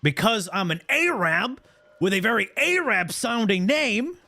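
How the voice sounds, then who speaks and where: A man in his thirties from Canada, a streamer telling a long personal story to his chat in an animated, slangy, profane way, checking in with "right?" again and again. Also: high voice, measured pace. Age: 30s.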